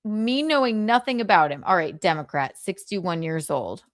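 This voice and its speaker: A woman's voice: on the low side, big pitch swings, normal speed, dry recording, clean studio sound. A young woman hosting a casual livestream, talking candidly, swearing freely and laughing often. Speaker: livestream host.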